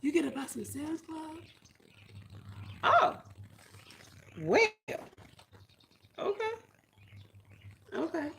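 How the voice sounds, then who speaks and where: A chatty woman talking to her livestream audience with a gravelly, fry-edged voice. She rambles, thinks aloud with plenty of fillers, and pokes fun at herself. A faint hum of ambient noise sits underneath. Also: sits high, very animated, very slow, pauses often. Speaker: homesteading vlogger. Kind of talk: casual livestream chat reading comments.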